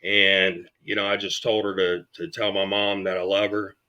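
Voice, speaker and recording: A man's voice: low voice, level tone, normal speed, bright, forceful tone, dull audio. A man as a podcast guest, telling his story bluntly and with lots of swearing, acting out what people said. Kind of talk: storytelling in an interview.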